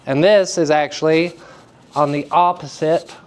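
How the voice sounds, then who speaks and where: A man teaching verse speaking to high school students in a live lecture, with a playful and teasing manner. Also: steady tone, measured pace. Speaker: drama teacher giving a lecture. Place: school room at a theater festival.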